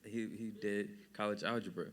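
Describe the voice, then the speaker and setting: A man speaking in a relaxed, rambling way in a casual podcast discussion. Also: on the low side, normal speed.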